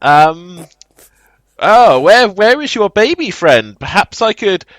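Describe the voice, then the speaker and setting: Guy doing a creepy old wizard, stammery and whiny, high and loud, dry close mic. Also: very animated, slow pace, no echo, heavily acted. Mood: nervous fawning. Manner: stammering, wheedling, bursting into angry shouts. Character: creepy scheming old male sorcerer quest giver.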